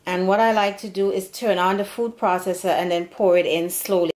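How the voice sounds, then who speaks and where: Brisk and steady in tone, with a medium-pitched, darkish voice, a Serbian-background woman hosts her home cooking channel from her home kitchen. Her demonstration is chatty and meandering, full of restarted sentences.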